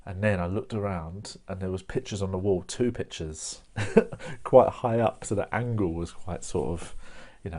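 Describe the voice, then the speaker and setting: This young stand-up comedian speaks in a low-pitched, mellow voice. Filming himself at home with nobody there to react, he tells his stories casually, chuckling at his own lines and dropping words like "mate" and "innit."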